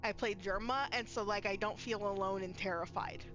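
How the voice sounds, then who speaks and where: A woman's voice: medium pitch, steady tone, moderate pace, dull audio, music in the background. A woman streaming a horror game live from her bedroom, chatting nervously and breaking into frightened squeals. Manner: jittery, scared, squealing outbursts. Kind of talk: live gameplay commentary. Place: home bedroom.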